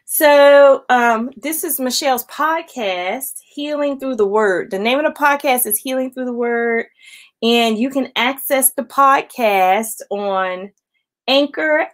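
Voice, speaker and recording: A woman chatting casually on a late-night live stream from home, showing off a haul and calling her viewers y'all. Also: fairly high pitch. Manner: chatty, addresses viewers as y'all, greets chat commenters. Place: at home, indoors.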